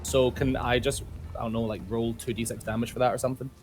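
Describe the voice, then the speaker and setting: A man's voice: medium pitch, level tone, quick pace, slightly rough, faint music behind. A man playing a tabletop game, describing his moves in a chatty, hesitant way. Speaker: player. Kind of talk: casual tabletop play.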